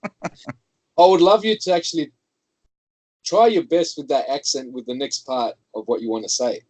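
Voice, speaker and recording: A man's voice: on the high side, big pitch swings, normal speed, a little mellow, no room sound, poor audio. An Australian man, a guest in casual chat, talking in a laid-back, slangy and friendly way.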